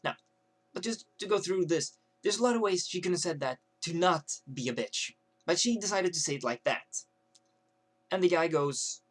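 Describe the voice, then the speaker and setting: A man's voice: sits high, animated, normal speed, a bit bright. A young man ranting to camera as a vlogger, rambling with many fillers and restarts.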